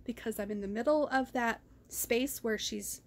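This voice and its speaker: A woman's voice: fairly high pitch, moderate pace. A woman talking in a raw personal vlog, rambling and ranting, often repeating herself. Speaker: vlogger. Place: car.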